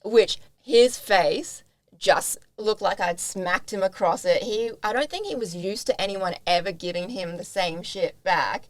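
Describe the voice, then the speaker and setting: A woman's voice: mid-range voice, measured pace, dry recording. A young Australian woman co-hosting a podcast, casually retelling a bad date and acting out both sides of the conversation. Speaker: podcast co-host. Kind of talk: casual storytelling chat.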